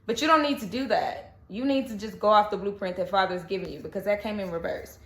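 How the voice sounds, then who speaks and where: A woman's voice: medium pitch, fast. A woman giving a casual spoken tarot reading, chatty and reassuring, often checking in with "okay?". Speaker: tarot reader. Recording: echoey room.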